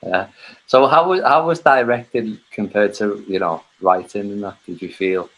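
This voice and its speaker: A man's voice: lowish voice, moderate pace, fairly bright tone, rough recording. A man from Liverpool with a Scouse accent, hosting a casual interview with loose, laughing questions. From Liverpool, England. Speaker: podcast host.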